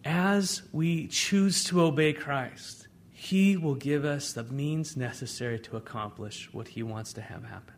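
A man preaching a sermon as pastor, in a conversational way, swinging between loud emphasis and hushed asides. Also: mid-range voice, a little slow, few pauses.

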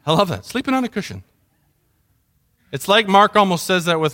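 Middle-aged man, pastor, sermon delivery with a high-set voice, chatty and story-driven. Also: lively intonation, fairly quick, sharp tone. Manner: conversational storytelling, mimics sounds.

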